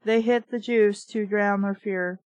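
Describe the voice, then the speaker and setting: A woman reading the lines of a gruff, bossy middle-aged man in a book, in a brusque, matter-of-fact way, with a dry sound. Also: high-pitched, steady tone, a little slow, a little mellow, no room sound.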